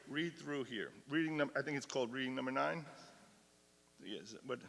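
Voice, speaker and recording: A man's voice: mid-range voice, moderate pace, creaky, fairly bright tone. A man, a cantor teaching an adult class, speaking earnestly at a fixed microphone and reading aloud with rising intensity. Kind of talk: lecture with dramatic reading aloud. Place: synagogue hall. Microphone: fixed microphone he cannot leave. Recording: long hall reverb.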